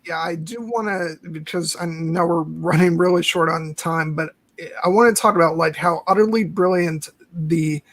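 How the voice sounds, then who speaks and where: High-voiced man chatting about films. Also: moderate pace, a bit bright. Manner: rambling with many restarts and fillers. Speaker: podcast host. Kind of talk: casual film discussion.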